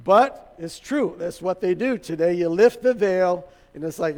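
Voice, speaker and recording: A man's voice: high voice, unhurried, a little mellow. A male pastor preaching a sermon, retelling a story in a conversational way with touches of humor. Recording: reverberant hall.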